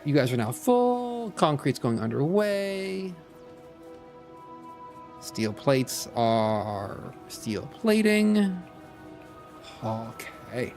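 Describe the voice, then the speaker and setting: Gravelly guy mumbling thru his game, pitch jumps all over, faint music behind. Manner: muttering to himself, animated, with playful asides. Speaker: streamer. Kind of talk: casual gameplay commentary.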